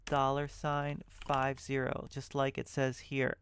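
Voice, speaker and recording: A man's voice: mid-range voice, monotone, slow, a bit bright, slight background noise. A man teaching assembly programming in a screen-recorded walkthrough, thinking aloud and correcting himself as he goes. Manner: thinking aloud, self-correcting, muttering asides. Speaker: programming tutor.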